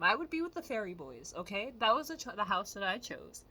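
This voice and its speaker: A woman vlogger giving animated, profane, casual commentary straight to her viewers. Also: mid-range voice, a little fast, breathy edge.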